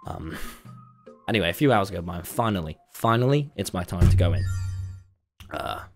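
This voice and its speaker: A man's voice: sits low, lively intonation, normal speed, gravelly, soft background music. Rambling man telling a story. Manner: rambling, self-interrupting, laughing. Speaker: streamer. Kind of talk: casual storytelling.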